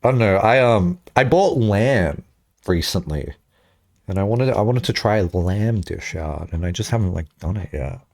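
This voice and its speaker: A young man streaming and chatting casually, rambling and self-mocking, with high squeaky bursts when he acts out his own lines. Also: expressive, normal speed, a little mellow.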